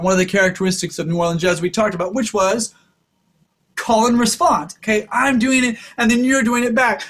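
Male music teacher for kids, very high-pitched, upbeat and instructive, speaks straight to the children. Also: a bit bright. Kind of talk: kids' music lesson.

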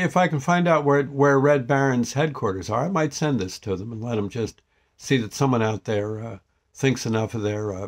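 An older man chats casually about a frozen pizza, his voice sitting at an ordinary middle pitch. He rambles in a folksy, down-home way, stopping and restarting his sentences often. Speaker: vlogger. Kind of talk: casual product review.

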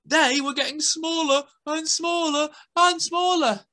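A woman's voice: high voice, measured pace, pushed and bright. A woman telling a playful story to children at a school assembly, adding sound effects.

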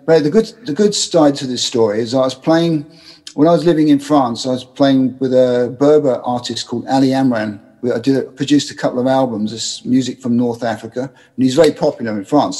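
A man's voice: medium pitch, mellow, husky. A man, a music producer, telling studio anecdotes in a casual interview and acting out the voices of people he quotes.

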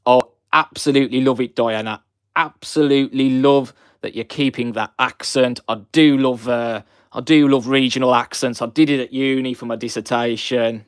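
A young man from the West Midlands with a Black Country accent, hosting a live stream and chatting warmly with viewers, greeting them by name. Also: medium pitch, fairly even intonation, normal speed, no room sound, clean studio sound. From West Midlands, England.

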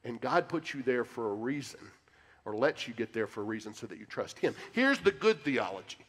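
A man's voice: medium pitch, big pitch swings, fairly quick, a bit bright, breathy edge. A male pastor giving an earnest, emphatic answer to a congregation's question in a church sanctuary. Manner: earnest, emphatic preaching, speaks straight to the congregation. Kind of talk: sermon-style Q&A answer. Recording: long church-hall reverb.

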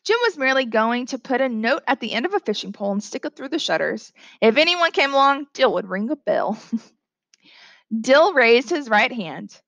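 A woman teacher reads a novel aloud in a fairly high, animated voice, swinging her pitch as she moves between the characters. She pauses now and then to explain a line to her class. The recording is close and dry, with no room sound. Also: vocal fry, dry recording, muffled recording. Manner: reads dialogue with lively pitch jumps, stops to explain. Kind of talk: classroom read-aloud with commentary.

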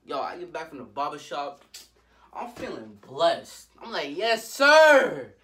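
A young man telling a storytime vlog in an animated, slangy way, jumping into loud voices for the people in it. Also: on the high side, measured pace, far from the mic. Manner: jumps into loud character voices. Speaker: vlogger.

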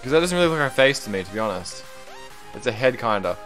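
A young man streaming a game, chatting casually, reading viewer comments aloud and breaking into excited exclamations. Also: mid-range voice, quick pace, faint music behind. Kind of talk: live-stream gameplay commentary.

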